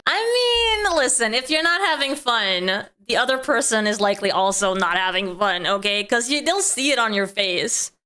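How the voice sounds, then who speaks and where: A woman's voice: fairly high pitch, lively intonation, moderate pace, hardly any pauses, pushed and bright, smooth. A woman streamer reacting to clips in casual commentary, giggling and teasing, repeating funny lines.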